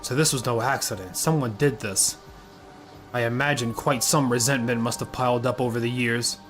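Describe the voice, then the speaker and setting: A man's voice: mid-range voice, moderate pace, a bit bright, close to an everyday voice. A man voicing a composed, courteous married woman investigator, reading game dialogue aloud over game music. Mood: calm. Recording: game music playing behind.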